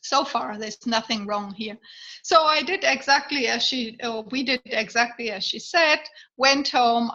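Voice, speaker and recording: Bright-voiced woman telling a story. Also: on the high side. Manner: halting, with many fillers and restarts; laughs often while telling. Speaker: guest sharing a birth story. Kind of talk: casual storytelling. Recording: dull lo-fi audio.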